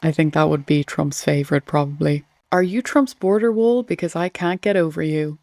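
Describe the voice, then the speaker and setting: A woman's voice: deep voice, normal speed, darkish tone, no room sound. A woman hosting a casual political commentary show, reading memes aloud in a chatty, wry way. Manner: chatty and wry, with small laughs.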